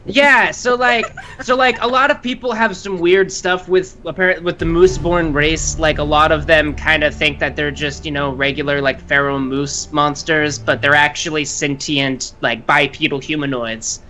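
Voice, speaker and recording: A man's voice: on the high side, steady tone, normal speed, sharp tone. A man playing a tabletop game and describing his character in rambling casual talk full of fillers. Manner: rambling, lots of "like" and restarts. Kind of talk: casual play-along chat.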